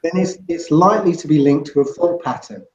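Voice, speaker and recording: A man talks through his ideas in a casual interview, looping back with "you know" and "right?". His voice sits a little high for a man. The sound is echoey and muffled. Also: a little fast. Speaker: guest.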